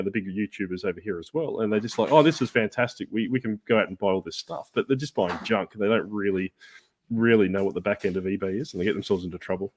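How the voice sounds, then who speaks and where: A man with an Australian accent, a guest chatting casually on a live stream, rambling and easygoing with frequent chuckles. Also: lowish voice. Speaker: guest reseller.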